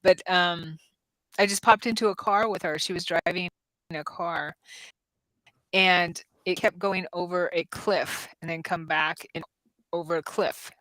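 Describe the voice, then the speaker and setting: A woman's voice: fairly low pitch, steady tone, unhurried, fairly bright tone, no room sound, rough recording. A woman in her fifties hosting a casual livestream, telling stories with many ums and restarts. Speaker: psychic-medium host.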